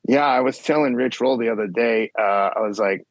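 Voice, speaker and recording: A man's voice: mid-range voice, brisk, few pauses, no room sound, lo-fi sound. A man guest on a podcast, telling race stories in a blunt, intense way, swearing freely. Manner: blunt, profane, intense, animated retelling. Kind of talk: casual storytelling interview.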